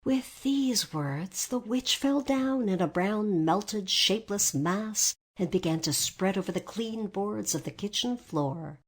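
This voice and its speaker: Husky, expressive woman storyteller. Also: mid-range voice, slow, few pauses. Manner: expressive read-aloud, rising and falling. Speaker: narrator. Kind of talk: storybook narration.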